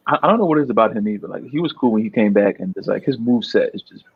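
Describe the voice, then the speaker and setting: A man's voice: fairly low pitch, lively intonation, rapid-fire, creaky, breathy edge, no room sound. A young man talking as a podcast guest in casual chat, rambling and repeating words, laughing often. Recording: dull, muffled dry sound.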